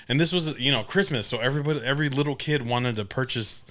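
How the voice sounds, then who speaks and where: A man's voice: medium pitch, fast. A man in his late twenties, co-hosting a casual podcast chat, telling a story full of swearing and acting out the voices of other people. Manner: profane animated storyteller, acts out others' voices. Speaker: podcast co-host.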